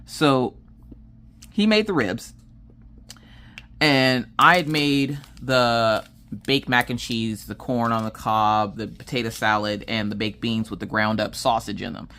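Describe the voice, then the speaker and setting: A woman's voice: rumbling low, unhurried, fairly bright tone. A woman chatting casually while she works on a diamond painting, telling stories with lots of restarts. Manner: chatty storyteller, restarts and laughs often. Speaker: crafting vlogger.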